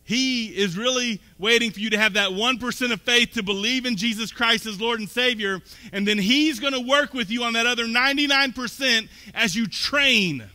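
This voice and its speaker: A man preaching in a church sanctuary, his high, very bright voice carrying a long hall echo. He moves between easy, conversational talk and emphatic, rising points. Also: moderate pace, hardly any pauses. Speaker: pastor. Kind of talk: sermon.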